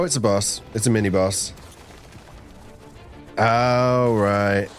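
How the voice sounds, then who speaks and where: A man's voice: lowish voice, takes it slowly, long pauses, soft background music. A young man streaming a game on a team channel, chatting casually with his viewers in a rambling, playful way and now and then slipping into silly voices. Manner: rambling, playful, talks to himself and chat, breaks into silly voices. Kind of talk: casual live-stream chat while gaming.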